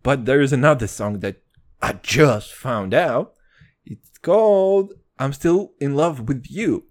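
Excitable, profane young man. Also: medium pitch, slow pace. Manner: excitable, profane, says "dude" constantly. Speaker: podcast host. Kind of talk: casual chat.

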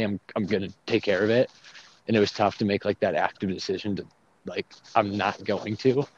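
A man's voice: fairly low pitch, darkish tone. A young man in casual faith conversation, talking animatedly with many fillers and laughs, outdoors near traffic. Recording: dull lo-fi sound with faint traffic noise.

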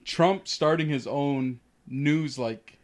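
A man's voice: fairly high pitch, takes it slowly. A man co-hosting a podcast, chatting casually, joking and steering the topics back on track. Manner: jokey, steers topics, says dude and bro. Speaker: podcast co-host.

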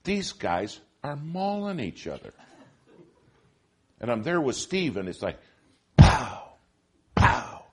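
A man preaching a sermon in an auditorium, telling stories with lively swings from hushed to loud. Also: medium pitch, a little slow, long pauses. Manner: animated storytelling, shifting from hushed to loud.

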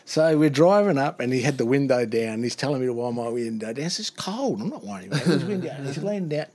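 A man's voice: medium pitch, animated, fast, mellow. A man telling a funny work anecdote in a casual chat, acting out the other voices and laughing often. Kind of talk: casual storytelling.

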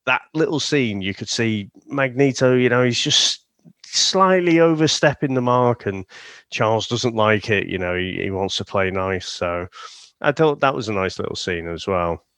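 Man, low voice, dry close sound, rambling casual film chat, lots of "you know". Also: expressive, moderate pace, fairly bright tone, dry recording. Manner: rambling, frequent fillers and restarts. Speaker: podcast co-host. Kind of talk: casual movie review chat.

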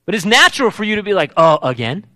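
Pastor type, male, high bright voice with big swings, emphatic sermon delivery, dry close sound. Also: animated, very fast, no room sound. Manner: emphatic, repeats key words.

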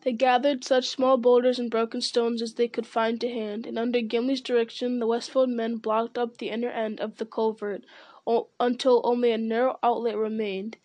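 A woman reading a fantasy novel aloud with steady narration and small stumbles that she corrects. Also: a little high, normal speed, dry recording. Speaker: reader.

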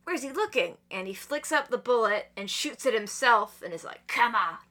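A woman talks casually on a podcast, her bright voice swinging widely in pitch. She recaps a story with animated energy, slipping into the characters' lines and laughing often. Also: normal speed. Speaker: podcast guest. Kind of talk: casual chat recapping manga chapters.

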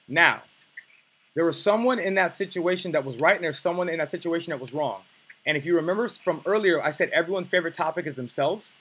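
A quick, husky man teaches a dating lesson. His voice sits a bit high for a man, and he rattles through points bluntly, swearing for emphasis. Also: fairly bright tone, poor audio. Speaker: dating coach. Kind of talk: coaching lesson.

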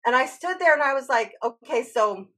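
Animated storytelling woman, fairly high voice. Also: brisk. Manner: animated, swears freely, acts out quoted dialogue. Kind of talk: candid conversational storytelling.

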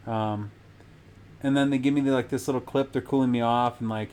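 Young guy podcasting, chill rambling story, lots of um and like, cusses a bunch, middle pitch. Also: fairly even intonation, a little fast, a little mellow, clean tone. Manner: laid-back, swears freely, many fillers. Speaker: podcast host. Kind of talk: casual storytelling monologue.

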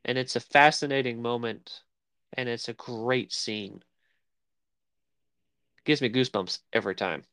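A man's voice: medium pitch, measured pace, pauses often, a bit bright, smooth, no room sound. Man rambling about films on a dry mic. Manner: rambling, searching for words. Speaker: podcast co-host. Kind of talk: casual chat about film.

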